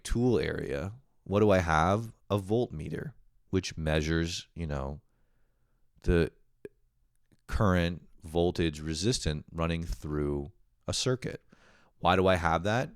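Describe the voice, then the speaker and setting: Deep-voiced man, animated and swearing. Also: dry recording, clean studio sound. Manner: animated storytelling with exasperated yelps; frequent swearing. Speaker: host. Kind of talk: casual comedic monologue.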